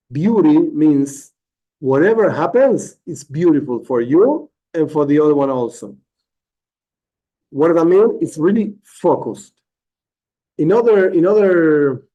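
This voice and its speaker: Animated middle-aged rabbi teaching. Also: male voice, fairly high pitch, poor audio. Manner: animated, repeats words, restarts phrases. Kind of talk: religious lesson.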